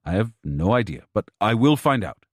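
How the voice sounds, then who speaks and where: A man gives a practical young husband a low, steady, matter-of-fact voice close to his own. The read is dry and close. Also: normal speed, breathy edge, no echo.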